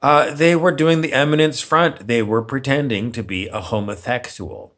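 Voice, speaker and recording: A man's voice: mid-range voice, moderate pace, fairly bright tone. A man ranting on camera as a vlogger, sarcastic and meandering, often repeating himself. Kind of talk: rambling opinion rant.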